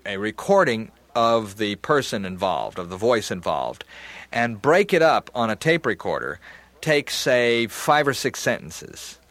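A man's voice: on the low side, a bit bright, no room sound. A man giving practical, methodical advice on practicing voices with a recorder. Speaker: voice acting instructor. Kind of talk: instructional talk.

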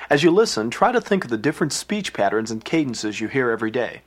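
A man narrating a lesson in a lively, guiding way from a script. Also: medium pitch, quick pace.

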